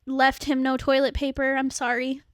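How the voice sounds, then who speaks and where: A woman's voice: high-pitched, monotone, normal speed, no room sound, studio quality. A young adult woman hosting a podcast in casual chat, talking bluntly and swearing freely. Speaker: podcast host.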